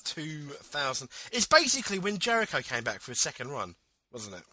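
A man co-hosting a podcast in casual chat, animated, laughing often and repeating himself as he thinks aloud. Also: on the high side, brisk, no room sound. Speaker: podcast co-host.

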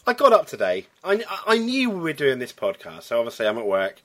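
A man's voice: medium pitch, huge pitch swings, fairly quick, fairly bright tone. A man co-hosting a wrestling podcast, talking in long rambling runs in casual chat. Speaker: podcast co-host.

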